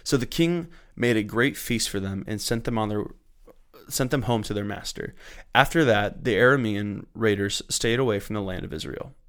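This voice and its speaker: A man with a somewhat low voice reads scripture aloud for a daily Bible reading. He keeps a measured, unhurried pace, corrects small slips as he goes, and raises his voice a little for the quoted speakers. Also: a bit bright, clear, resonant tone. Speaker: church Bible reading host.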